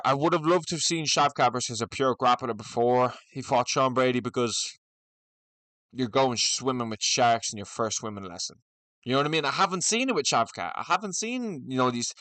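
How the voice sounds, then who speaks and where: A man's voice: medium pitch, expressive, moderate pace, pushed and bright, no echo. A young man, hosting casual solo commentary on fighting matchups, rambling, swearing and repeating himself. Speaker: MMA commentary channel host.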